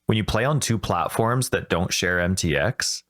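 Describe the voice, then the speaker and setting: A man hosting a gaming podcast, talking in a rambling, excitable way and often correcting himself mid-sentence. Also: low voice, moderate pace. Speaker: podcast host. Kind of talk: casual podcast chat.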